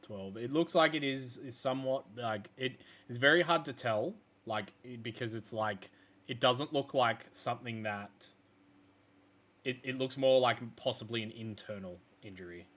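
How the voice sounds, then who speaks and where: A man's voice: mid-range voice, moderate pace, a bit bright. A man narrating as game master, describing scenes loosely with lots of fillers.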